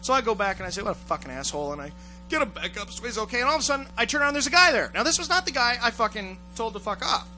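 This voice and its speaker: A man telling a rough story on a casual talk show, swearing a lot and acting out the voices of the people in it. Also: very high voice, racing, soft background music, rough recording. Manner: profane, animated, acts out voices in his story. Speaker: podcast host telling a story.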